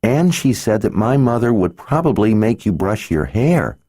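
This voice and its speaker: A man narrating an audiobook and voicing an earnest, serious little orphan girl in a high childlike voice. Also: sing-song, normal speed, mellow, dry recording, clean studio sound. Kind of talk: audiobook character voice.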